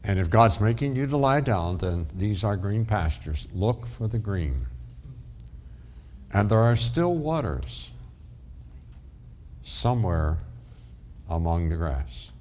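An older man, a pastor, delivering an earnest sermon with dramatic pauses, telling stories and then praying. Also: lowish voice, animated, a little mellow.

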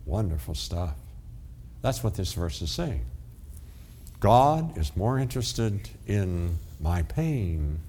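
Slow, earnest older man preaching. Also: deep voice, very animated, warm tone, a little hiss or hum. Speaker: pastor. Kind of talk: sermon.

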